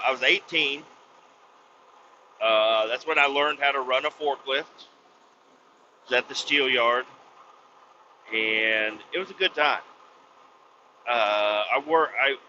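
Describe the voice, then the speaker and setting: Bright-voiced swearing man on a rant. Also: medium pitch, slight background noise. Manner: blunt, swearing, loud outbursts. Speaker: podcast host. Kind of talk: profane comic rant. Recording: slightly dull lo-fi recording.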